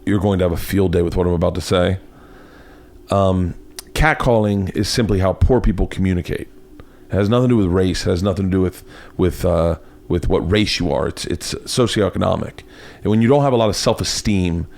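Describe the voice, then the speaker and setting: Man, from Florida, podcast host, casual chat, animated, somewhat low pitch. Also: brisk, vocal fry. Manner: animated storytelling, loud put-on voices. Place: home studio.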